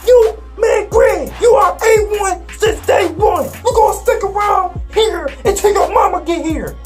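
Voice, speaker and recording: A man voicing his loud, loyal teenage friend in a high, shouting voice. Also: unhurried, faint music behind. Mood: hyped.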